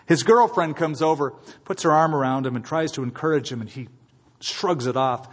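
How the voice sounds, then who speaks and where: A man preaching a sermon as pastor and leading a closing prayer, emphatic, moving between quiet and loud passages. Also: a little high, moderate pace. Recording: long hall reverb.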